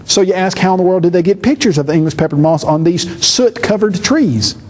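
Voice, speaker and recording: Male lecturer, high-pitched, lively and theatrical, plays out the people he quotes. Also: fairly quick. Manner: lively, acts out quoted speakers with shifting pitch. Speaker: church seminar lecturer. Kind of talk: animated teaching lecture.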